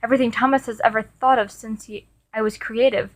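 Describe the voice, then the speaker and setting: A woman's voice: a little high, fairly even intonation, fairly quick. A woman reading first-person fan fiction aloud in an earnest way, with small restarts. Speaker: story reader.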